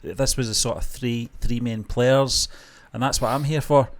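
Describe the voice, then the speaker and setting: A man's voice: mid-range voice, steady tone, normal speed. A man co-hosting a casual TV reaction chat, rambling and hesitant with frequent restarts. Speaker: co-host.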